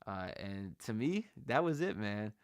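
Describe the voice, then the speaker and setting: A man's voice: on the low side, sing-song, a little slow, smooth, no echo, studio quality. A man hosting a sports livestream, talking in a loose, slangy, hyped way and speaking to his chat. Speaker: host of a sports channel livestream. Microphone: shotgun mic on camera.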